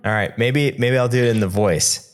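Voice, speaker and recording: A man co-hosting a casual movie trivia podcast, easygoing and animated. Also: medium pitch, moderate pace. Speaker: podcast co-host.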